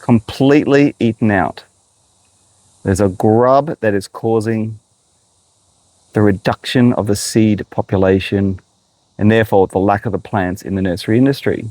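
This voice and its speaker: A man's voice: on the low side, moderate pace, darkish tone, dry recording, rough recording. An Australian man, a horticulturist, chatting to viewers as he walks around a garden outdoors, a little out of breath. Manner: chatty, talks straight to viewers. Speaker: horticulturist vlogger. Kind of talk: walking garden tour vlog.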